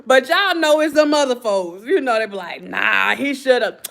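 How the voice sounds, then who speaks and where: A woman's voice: high voice, very animated, brisk. A woman, telling a gossip story in casual chat and laughing often. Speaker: vlogger.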